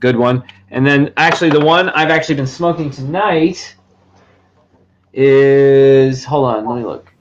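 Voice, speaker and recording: A man's voice: mid-range voice, measured pace, dull audio, slight background noise. A man hosting a casual livestream chat, rambling and joking with frequent swearing. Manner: rambling, profane, jokey. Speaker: podcast host.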